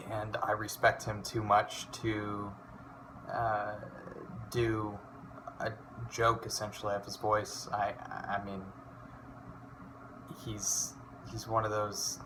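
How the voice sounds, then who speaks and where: This lowish male voice, heard against a noisy background, belongs to a twenty-something hobby voice impressionist. He talks loosely in a vlog, wandering off topic, cursing and leaning heavily on fillers.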